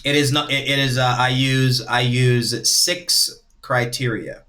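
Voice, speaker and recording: A man's voice: mid-range voice, steady tone, unhurried, pushed and bright. A man hosting a livestream in a casual way, lecturing and laying out his points one by one. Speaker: livestream host.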